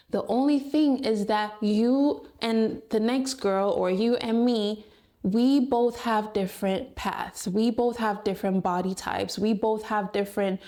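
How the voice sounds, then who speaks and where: A young woman with a mellow, warm voice talks earnestly to her viewers as a fitness vlogger. She keeps encouraging them and repeats key phrases for emphasis. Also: mid-range voice. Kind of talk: heartfelt motivational talk to camera.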